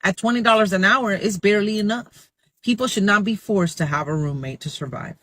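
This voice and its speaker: Man, higher voice, dry recording, matter-of-fact, step-by-step explaining. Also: brisk, a bit bright, dry recording. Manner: walks through arithmetic step by step, matter-of-fact. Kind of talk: explanatory talk to camera.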